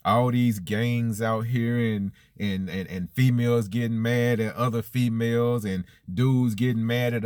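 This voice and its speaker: Earnest man preaching in a low, dry voice. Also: darkish tone, no room sound. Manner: earnest, plainspoken, with rhetorical questions and repetition. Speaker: motivational speaker. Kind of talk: spoken-word preaching monologue.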